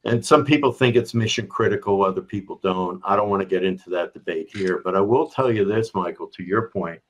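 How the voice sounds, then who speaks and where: A man's voice: low-pitched, brisk, poor audio. A middle-aged or older man, a business guest on a podcast, explaining his points through examples and often checking in with "right?". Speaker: guest, business strategy executive. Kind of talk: conversational explanation on a remote podcast.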